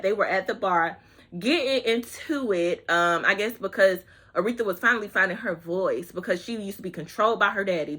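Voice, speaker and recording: Sassy woman vlogger calling everyone honey. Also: mid-range voice. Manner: sassy and expressive, drawn-out words, breaks into snatches of song; talks straight to viewers with terms like honey and child. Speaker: YouTube vlogger reviewing a movie. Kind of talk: casual chatty movie review.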